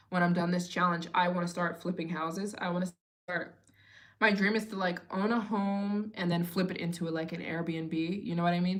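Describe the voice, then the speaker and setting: Chatty lower-voiced young woman. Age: 20s. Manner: chatty, expressive storytelling. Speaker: travel vlogger hosting a live Q&A. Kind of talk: casual live chat.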